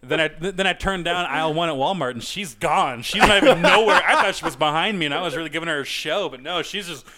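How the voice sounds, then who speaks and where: A man's voice: on the high side, quick pace, hardly any pauses, bright, forceful tone. A man co-hosting a podcast in casual chat, joking and laughing often. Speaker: podcast co-host.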